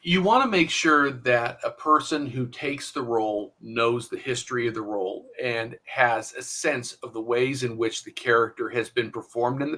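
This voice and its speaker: A man co-hosting a podcast, talking in a measured, analytical way during casual discussion. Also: medium pitch, sharp tone. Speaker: podcast co-host.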